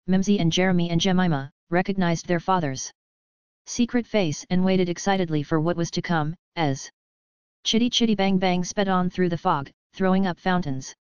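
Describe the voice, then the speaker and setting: A woman narrates a children's storybook in a steady, even reading. Her voice sits fairly low and is very clean and smooth. The recording is close and dry, with a slightly dull, lo-fi sound. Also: dry recording. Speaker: audiobook narrator.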